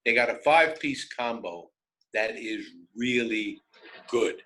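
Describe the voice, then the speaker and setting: An older man in his seventies with a New York accent, telling personal stories on the radio in an animated, wry, conversational way. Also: mid-range voice, slow, low-quality recording. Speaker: radio host. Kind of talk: personal storytelling.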